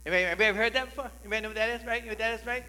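A man's voice: high-pitched, steady tone, rapid-fire, sharp tone, low-quality recording. A male pastor with a New Jersey accent preaching a sermon in a church, conversational and often building to emphatic passages. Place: church sanctuary.

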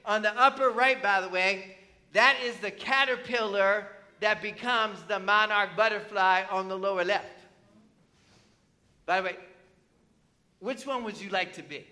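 A pastor preaching a conversational sermon in church, often asking the congregation questions. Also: male voice, sits high, unhurried, pauses often, pushed and bright. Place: church with slides on a screen.

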